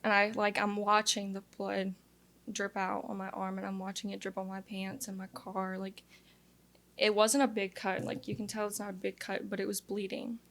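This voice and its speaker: A woman's voice: medium pitch, monotone, normal speed, a bit bright. A young woman from Louisiana telling her personal testimony as an interview guest, in an earnest, confessional way with lots of "like" fillers.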